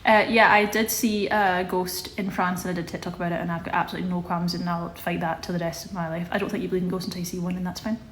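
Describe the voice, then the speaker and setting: A woman's voice: fairly low pitch, little pitch movement, fast, hardly any pauses, a little hiss or hum. A young woman chatting casually on a live stream, reading out viewer questions and answering them. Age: young adult. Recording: echoey room with faint ambience.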